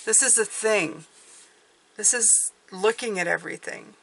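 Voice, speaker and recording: A woman with a bright, forceful voice at a middling pitch, talking her way through a tarot reading. She rambles loosely and keeps checking in with a quick "okay?". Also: creaky, breathy edge. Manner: rambling, repeats "okay?" often. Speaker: tarot reader. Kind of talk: casual intuitive tarot reading.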